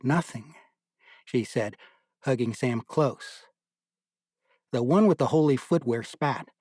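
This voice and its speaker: Brief: male audiobook narrator, mid pitch, dry close studio sound, measured delivery. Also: dark tone, no echo. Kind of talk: scripted narration.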